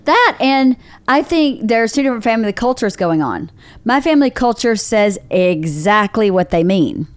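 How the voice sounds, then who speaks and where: Animated, profane woman telling a story. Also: on the high side, moderate pace, few pauses, no room sound. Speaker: podcast host. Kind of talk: casual chat.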